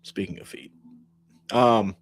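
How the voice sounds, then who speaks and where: Stuffed up guy w/ allergies, kinda low voice, goofy podcast cohost. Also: slow, a little hiss or hum. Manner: jokey, playful. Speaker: podcast co-host. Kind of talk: casual podcast chat.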